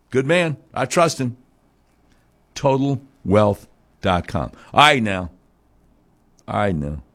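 A Southern man hosting talk radio, his pitch swinging widely as he jokes and mocks. He speaks with a folksy, sarcastic drawl from the studio. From Arkansas. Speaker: radio talk show host. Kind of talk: conservative political talk radio monologue.

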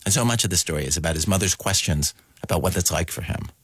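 A man's voice: low-pitched, fast, fairly bright tone, breathy edge, no room sound. A man hosting a radio show, giving a plain, conversational scripted introduction.

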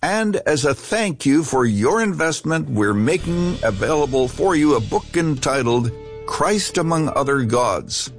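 A pastor addressing radio listeners directly, asking for support and carefully reading out contact details. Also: male voice, fairly high pitch, expressive, a little slow. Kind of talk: fundraising appeal to listeners. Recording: dry studio with soft music beneath.

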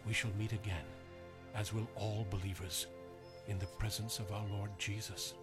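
An actor playing a calm, steadfast apostle, gentle and resolute. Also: male voice, lowish voice, normal speed, natural voice. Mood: serene. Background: music.

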